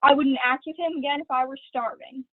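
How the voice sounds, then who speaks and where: A woman's voice: high voice, steady tone, fairly quick, no room sound, natural voice. A young woman acting a vain, gushing glamorous stage actress in a school play read over a video call. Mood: catty. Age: teens. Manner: theatrical, affected, honeyed. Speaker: student actor. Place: at home. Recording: dry, tinny video call audio.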